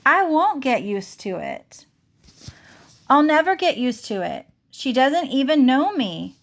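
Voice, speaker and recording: A woman voicing an upset young girl close to tears, talking in a loud, pleading and distressed way in a storybook reading. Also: sits high, very animated, takes it slowly, vocal fry, pitched above the performer's own voice, heavily acted. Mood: tearful.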